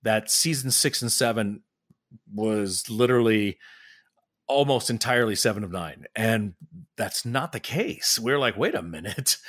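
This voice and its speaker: A middle-aged man chatting as a podcast guest, telling lively stories with frequent laughs and restarts. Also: mid-range voice. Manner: animated storyteller, laughs often, restarts sentences. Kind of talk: casual interview chat.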